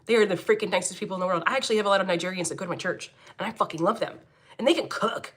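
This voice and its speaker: A woman's voice: mid-range voice, rapid-fire, husky. A woman from Philadelphia with a Philadelphia accent, chatting on a livestream as host, blunt and profane, laughing often as she reads comments. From Philadelphia, United States. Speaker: livestream host, angel medium. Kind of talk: casual livestream chat reading comments.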